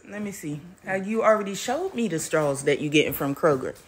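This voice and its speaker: A woman with a lowish, expressive voice talks briskly as she films a casual family vlog on her phone at home, teasing and chanting playfully. The handheld phone recording picks up a lot of household noise.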